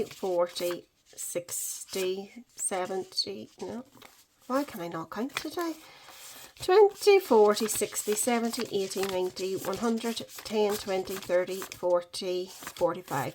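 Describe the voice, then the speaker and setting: A woman's voice: mid-range voice, expressive, slow, a little mellow, a little hiss or hum, low-quality recording. Chatty woman counting cash aloud. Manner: chatty, counts money aloud, self-correcting. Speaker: budgeting vlogger. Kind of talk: casual cash-stuffing vlog.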